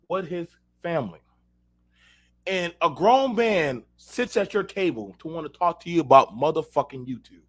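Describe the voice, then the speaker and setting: A man's voice: fairly high pitch, big pitch swings, moderate pace. A man hosting an unfiltered talk show, telling heated, profanity-laced stories and speaking directly to his listeners. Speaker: show host. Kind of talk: unfiltered casual rant.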